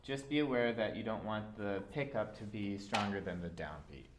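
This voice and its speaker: A man teaching a violin part, calm and patient, with frequent fillers as he explains. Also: lowish voice, moderate pace, heavy background noise. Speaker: orchestra teacher. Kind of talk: instructional walkthrough.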